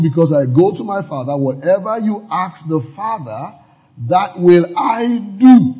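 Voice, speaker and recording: A man preaching a sermon, walking his listeners through scripture verse by verse. His voice sits fairly high but sounds mellow and warm, and he slows down to repeat key lines for emphasis. The recording is dull and lo-fi. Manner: explains scripture with slow emphatic repetition.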